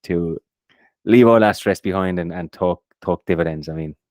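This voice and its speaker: Male podcast co-host, very low voice, upbeat, stumbling restarts, dry close recording. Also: moderate pace, darkish tone, no room sound. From Ireland. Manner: upbeat, repeats words when starting sentences. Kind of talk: casual chat.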